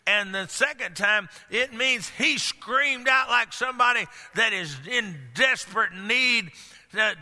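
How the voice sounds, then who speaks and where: An older man preaching a sermon, swinging between loud outbursts and low hushed lines. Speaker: pastor. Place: large church hall. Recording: long hall reverb.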